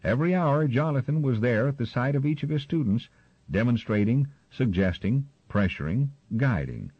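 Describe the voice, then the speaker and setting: A man narrating a storybook in an expressive storytelling manner, on a slightly muffled recording. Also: mid-range voice, moderate pace, husky, no room sound. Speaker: audiobook narrator. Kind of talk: scripted narration.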